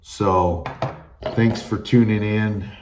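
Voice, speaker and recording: A man casually reviewing knives, relaxed and rambling with lots of ums and restarts. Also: on the low side, slow. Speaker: knife reviewer. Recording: noticeable background noise.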